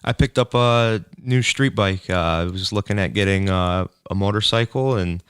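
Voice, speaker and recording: A young man talking as a podcast guest, easygoing and unhurried, with plenty of ums. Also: on the low side, a bit bright, clear, resonant tone, dry recording, studio quality. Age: young adult. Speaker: podcast guest, lawn care business owner. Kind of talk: casual chat.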